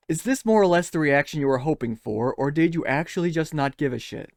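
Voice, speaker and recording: A man's voice: on the high side, animated, brisk, no echo, studio quality. A man giving scripted, sarcastic commentary as a show critic, scathing, mocking and profane.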